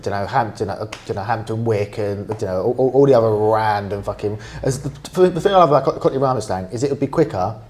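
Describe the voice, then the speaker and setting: A man's voice: fairly low pitch, fast talker, hardly any pauses, a little mellow. A man with an English accent, co-hosting a podcast in casual chat, rambling with many restarts and fillers and swearing freely. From England. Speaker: podcast co-host.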